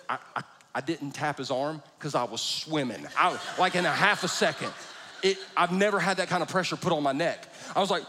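A man's voice: mid-range voice, bright, forceful tone, slight background noise. A middle-aged man preaching a sermon, telling stories with self-deprecating humor. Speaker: pastor. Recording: long reverb of a large hall.

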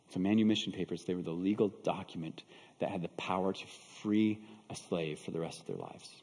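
A man's voice: deep voice, animated, fairly quick, mellow, big-room sound. A man preaching a sermon, moving from storytelling into fervent preaching with rhetorical questions. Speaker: pastor.

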